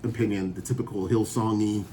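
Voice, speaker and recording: Low-voiced man casually telling his story. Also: brisk, a little hiss or hum. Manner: relaxed, chatty, laughs often while telling the story. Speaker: vlogger sharing a sobriety testimony.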